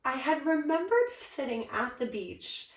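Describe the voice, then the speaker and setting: A young adult woman co-hosting a podcast, telling a story in a casual, animated way and jumping up high when she quotes herself. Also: unhurried, slight background noise. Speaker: podcast co-host, bride. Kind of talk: casual chat. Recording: echoey room.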